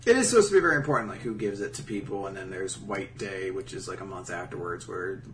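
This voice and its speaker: A man's voice: deep voice, lively intonation, quick pace. Man talking casually a little off-mic. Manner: joking, teasing his co-host. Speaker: podcast co-host. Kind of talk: casual chat. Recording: slightly distant mic with faint hum.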